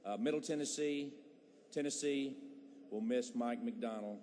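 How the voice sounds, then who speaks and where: A man's voice: medium pitch, measured pace, warm tone. Hesitant man speaking in an echoing hall. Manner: hesitant, full of fillers. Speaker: state legislator. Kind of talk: floor tribute speech. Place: large legislative chamber. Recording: faint noise, long hall reverb.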